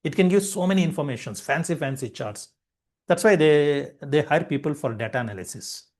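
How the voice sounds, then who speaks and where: A man's voice: on the high side, a little mellow. A man giving a spiritual lecture, explaining each point through repeated everyday examples. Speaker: spiritual teacher.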